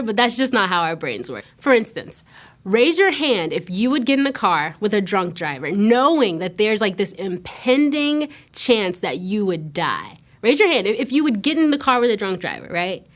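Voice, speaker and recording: A young adult woman leading a youth church lesson, telling stories in a chatty, animated way, laughing often and using casual slang. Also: on the high side, moderate pace.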